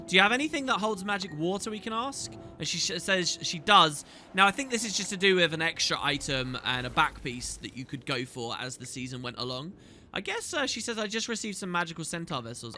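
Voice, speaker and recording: Bright-voiced man narrating gameplay. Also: fairly high pitch, a little hiss or hum. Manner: chatty, enthusiastic, reads dialogue aloud. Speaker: gaming video host. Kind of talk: casual gameplay commentary. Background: faint game music.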